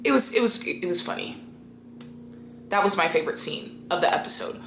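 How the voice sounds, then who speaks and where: A young woman chatting casually to camera about a TV episode, animated and slangy. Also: lowish voice, fairly quick, creaky, echoey room, slight background noise. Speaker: video creator reviewing a TV episode.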